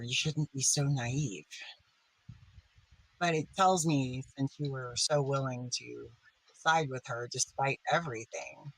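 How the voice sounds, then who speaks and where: Comedy sketch: man playing a self-righteous woman streamer. Middle pitch, dry close mic, accusing. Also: dry recording, poor audio. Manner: accusing and self-righteous, dropping into sharp whispers. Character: petty, vindictive woman livestreamer scolding her viewers.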